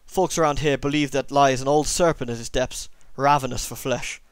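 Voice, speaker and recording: A man's voice: mid-range voice, fairly even intonation, moderate pace, clear, resonant tone, dry recording, natural voice. A man voicing an older village woman who tells local folklore, reading game dialogue aloud in a put-on accent. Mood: ominous. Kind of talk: let's play character voicing.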